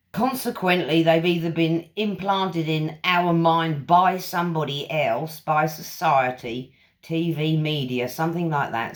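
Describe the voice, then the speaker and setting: A woman hosting a channel, reading lecture passages aloud and stopping to reflect on them. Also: low voice. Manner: reflective, stops to comment between quoted passages.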